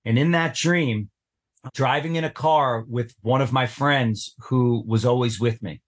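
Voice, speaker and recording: A middle-aged man sits as a guest and tells a deeply personal story with earnest intensity. His voice sits at an ordinary pitch for a man. He leans into the telling and acts out the people he quotes. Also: unhurried. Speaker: podcast guest.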